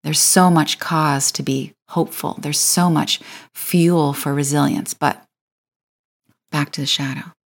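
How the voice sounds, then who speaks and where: A woman's voice: deep voice, steady tone, measured pace. A woman hosting a spiritual podcast, talking in an earnest, playful way and drawing out key words. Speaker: podcast host. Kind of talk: reflective spiritual podcast talk.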